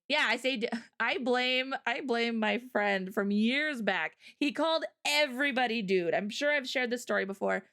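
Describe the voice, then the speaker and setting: A woman's voice: medium pitch, a bit bright, clear, resonant tone. A woman hosting a livestream, chatting casually and rambling through stories and viewer comments, often breaking into laughter. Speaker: livestream host.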